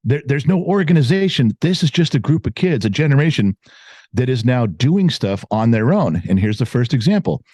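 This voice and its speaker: A man's voice: medium pitch, big pitch swings, moderate pace, mellow, dry recording. A middle-aged man giving his opinions as a guest in casual chat, emphatic and prone to repeating words for stress. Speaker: guest commentator.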